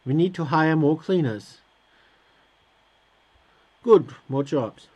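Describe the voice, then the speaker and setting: A man hosting a let's play, reading on-screen game text aloud and answering it with hesitant, sarcastic asides. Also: a little high. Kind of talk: casual gameplay commentary.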